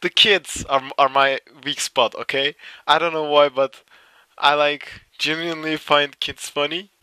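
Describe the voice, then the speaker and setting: A young man talks slowly over funny clips, dropping swear words and claiming he never laughs. His voice is bright and bouncy, recorded close and dry. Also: fairly high pitch, fairly even intonation, smooth, dry recording. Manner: swears a lot, insists he is not laughing, breaks into giggles. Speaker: streamer reacting to clips. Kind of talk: casual reaction commentary.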